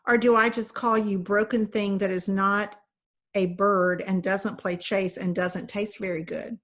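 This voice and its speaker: A woman's voice: mid-range voice, flat delivery, measured pace, fairly bright tone, natural voice. A woman reading aloud, voicing an eager, simple-minded male stray dog who talks in short, earnest sentences.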